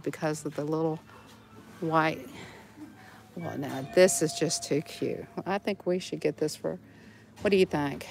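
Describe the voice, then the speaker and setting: A woman with a Southern accent, chatting and laughing with her viewers as she browses a store in a casual vlog. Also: lowish voice. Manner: chatty, giggly, talks to viewers while browsing. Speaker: vlogger. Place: inside a large discount store.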